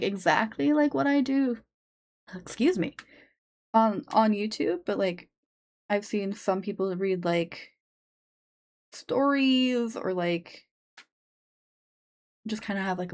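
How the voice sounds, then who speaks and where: A woman's voice: medium pitch, takes it slowly, pauses often. A woman chatting casually on a live stream into a sensitive desk microphone, rambling with lots of fillers and restarts.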